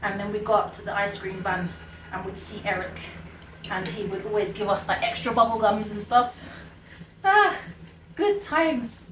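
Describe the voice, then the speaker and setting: A British woman in her thirties hosting a home cooking show, reminiscing in a relaxed, rambling way and laughing often. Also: mid-range voice, normal speed, distant mic, a little hiss or hum. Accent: British English. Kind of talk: chatty reminiscing while cooking. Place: home kitchen. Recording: echoey kitchen, mic set back.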